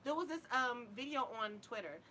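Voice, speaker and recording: A woman's voice: high-pitched, big pitch swings, fairly quick, pushed and bright, slight background noise. A young woman co-hosting a podcast, chatting playfully and swearing, often laughing. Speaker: podcast co-host. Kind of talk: casual chat.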